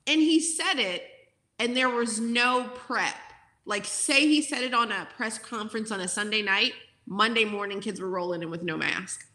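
A woman's voice: medium pitch, normal speed, pushed and bright, roomy sound. A woman in her forties, a former teacher, talking in an interview in an outspoken, emotional way with many fillers. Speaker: guest, former teacher turned content creator.

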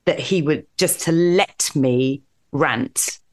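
A British woman in her forties, a podcast guest telling candid personal stories with a self-deprecating, animated manner and frequent laughter. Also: low voice, takes it slowly. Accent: British English. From Britain. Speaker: podcast guest, comedy actress. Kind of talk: candid conversational storytelling.

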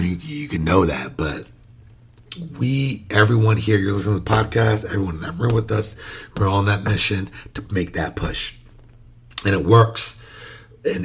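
A man's voice: low-pitched, slightly rough. A man hosting a podcast, talking loosely about his work with young children, with lots of fillers and restarts. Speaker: podcast host; early childhood educator. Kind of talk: casual podcast monologue.

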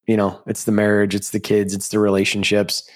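Candid man with a lowish voice. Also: completely flat delivery, fairly quick. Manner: loose and candid, swears casually, restarts often. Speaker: podcast co-host. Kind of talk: casual podcast chat.

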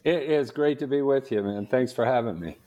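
A man guest on a podcast, telling stories in a lively, animated way and laughing often. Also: medium pitch, brisk. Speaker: guest apologist. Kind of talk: casual storytelling interview.

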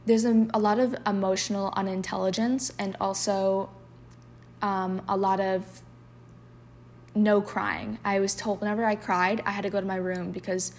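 Confessional woman, soft-spoken poetry reader. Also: medium pitch, level tone, normal speed, a little hiss or hum. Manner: emotional, confessional, with frequent filler "like"; reads poems aloud softly, sometimes in a whisper. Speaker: podcast host. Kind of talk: candid personal storytelling and poetry reading.

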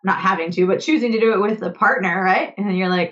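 A young adult woman, an author and grief coach, guests on a podcast in a casual conversational interview, talking animatedly, laughing often, and acting out her own inner voice. Her mid-range voice is brisk and fairly bright with lively intonation, and the sound is lo-fi.

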